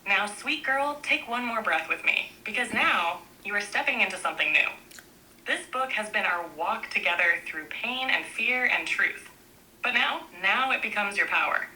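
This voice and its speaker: A woman narrating a book aloud in a gentle, reassuring way, speaking in short, repeated affirmations. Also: mid-range voice, lively intonation, moderate pace, rough recording.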